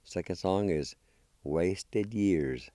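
A man's voice: sits low, drawn-out words, dark tone, no echo, clean studio sound. A man teaching a spelling and pronunciation lesson, patiently sounding out syllables one at a time and encouraging his learners. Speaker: language teacher.

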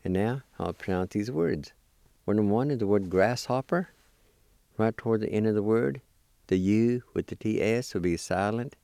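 A man teaching a language lesson, spelling words letter by letter and repeating each pronunciation slowly. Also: on the low side, vocal fry, dark tone, dry recording.

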